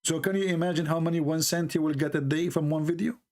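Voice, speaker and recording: Speaking fast in a somewhat high, darkish voice with a steady tone, a middle-aged Middle Eastern man hosts a livestream. His monologue is mocking and sarcastic, in broken English with a Middle Eastern accent.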